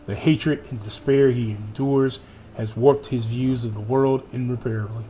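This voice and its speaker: A man's voice: mid-range voice, fairly even intonation, normal speed, dark tone, slight background noise. A man streaming a video game who reads the cutscene dialogue aloud in a theatrical way and jokes with his chat between lines. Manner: theatrical reading, playful asides to chat. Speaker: gaming streamer.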